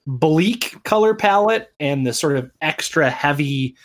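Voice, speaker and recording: A man's voice: fairly high pitch, lively intonation, a little slow. A man casually talking through a comic with friends, rambling with many restarts and fillers. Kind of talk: casual chat reviewing a comic.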